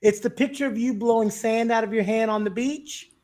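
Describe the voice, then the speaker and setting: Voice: medium pitch, brisk, darkish tone. A co-host of an online interview show, joking and wry in casual talk. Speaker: podcast co-host.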